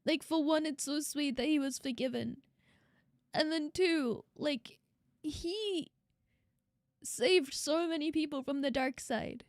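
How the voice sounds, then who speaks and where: A woman's voice: sits high, slow, no room sound, studio quality. A woman VTuber streaming a casual reaction, emotional, laughing often and swearing freely.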